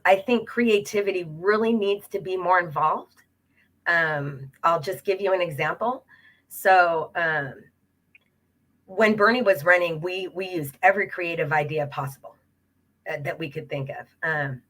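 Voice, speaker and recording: A woman's voice: lowish voice, a little slow. A woman, a local progressive club president, telling a campaign story casually, with many fillers and acted-out quotes. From Los Angeles area, California. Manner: animated, many fillers, acts out quoted exchanges. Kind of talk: casual storytelling on a web talk show.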